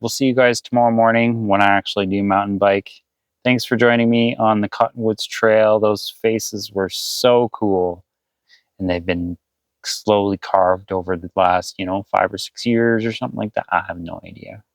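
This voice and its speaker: Inside his camper van, an adult vanlife vlogger chats casually with his viewers, rambling and thinking aloud as he plans his route. His lowish voice holds a steady tone at normal speed. The recording has no echo but is rough.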